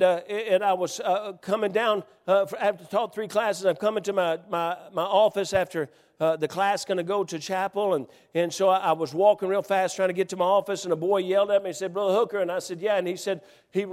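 A middle-aged man preaching a sermon as a folksy story, repeating words and building up to shouts. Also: high-pitched. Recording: long hall reverb.

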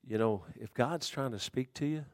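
A man preaching a sermon in folksy dialect, swinging between shouted warnings and hushed, quiet storytelling. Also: medium pitch, moderate pace, no room sound.

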